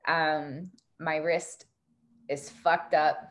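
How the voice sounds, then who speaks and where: A woman's voice: low-pitched, level tone, very slow. A young woman hosting a podcast, a bartender telling a story in casual chat, laughing often and filling her talk with "like". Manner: laughs often, many "like" fillers.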